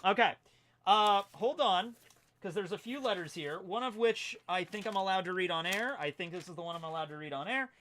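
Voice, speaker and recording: A man's voice: high voice, fairly quick, sharp tone. A young man chatting loosely from home on a livestream, rambling with lots of fillers as he goes through fan mail. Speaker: streamer reading fan mail. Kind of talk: casual livestream chat.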